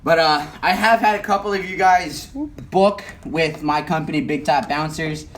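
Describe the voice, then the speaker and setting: A man's voice: a little high, fairly even intonation, normal speed, fairly bright tone. A young man chatting casually on an outdoor livestream while he works on a truck, hot and sweating, recorded on a phone. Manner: chatty, talks while working, often mutters. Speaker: livestreaming YouTuber. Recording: faint outdoor noise.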